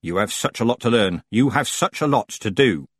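A man's voice: fairly low pitch, animated, moderate pace, slightly rough, no echo. A man voicing a stern, commanding old woman witch in a storybook, clipped and cold.

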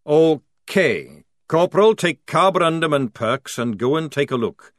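A man plays a gruff older army sergeant in an audiobook, loud and commanding. The voice stays lively in pitch and the recording is dry. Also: unhurried, no room sound.

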